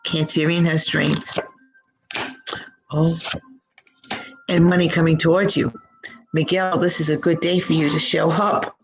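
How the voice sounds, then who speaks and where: A woman giving live psychic tarot readings from home, gushing and affectionate with drawn-out words, speaking into a computer mic. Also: sits low, flat delivery, rough recording. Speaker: psychic reader.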